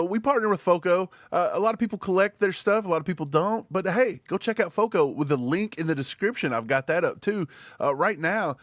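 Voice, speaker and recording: A man's voice: on the high side, a bit bright, no echo, studio quality. A man co-hosting a live sports fan stream, easygoing and teasing. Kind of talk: casual live-stream chat.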